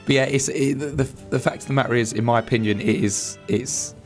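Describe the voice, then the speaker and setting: A man's voice: mid-range voice, fairly even intonation, fast, soft background music. A man co-hosting a podcast with a congested, stuffy nose, giving rambling opinions in casual chat. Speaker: podcast co-host.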